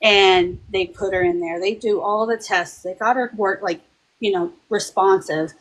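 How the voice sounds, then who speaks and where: Animated chatty woman telling a story. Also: medium pitch, measured pace, low-quality recording. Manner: animated, chatty, acts out quoted voices. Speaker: paranormal panel participant. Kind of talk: casual storytelling.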